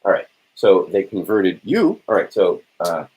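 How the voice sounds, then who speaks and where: Brief: man giving a casual lecture, low and husky, rhetorical, halting with fillers. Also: big pitch swings, a little mellow, low-quality recording. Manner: rhetorical, keeps checking in with "right?"; answers his own questions, halting with fillers. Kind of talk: informal lecture to a small audience.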